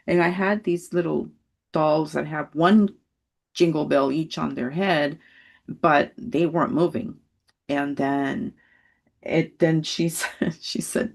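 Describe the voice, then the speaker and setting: A woman in her sixties telling a personal story on a video call, animated and laughing often as she acts out voices. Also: sits low, measured pace, gravelly. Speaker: study group member.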